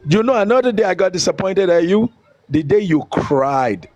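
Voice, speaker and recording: Scolding Nigerian man, fairly high voice. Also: expressive, normal speed, a little mellow, no echo, lo-fi sound. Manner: scolding, preachy, repeats phrases. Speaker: online commentator. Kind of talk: heated video rant.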